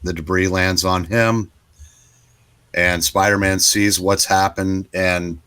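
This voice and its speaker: Low-voiced older man retelling a comic. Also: steady tone, takes it slowly, bright, forceful tone, clear, resonant tone. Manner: retells the story at length, quoting characters. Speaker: podcast co-host. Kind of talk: casual comic book discussion.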